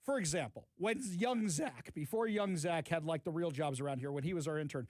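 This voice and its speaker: A man's voice: fairly high pitch, fairly quick, few pauses, darkish tone, no room sound. A man hosting a talk radio show, mocking and emphatic as he gives his opinions.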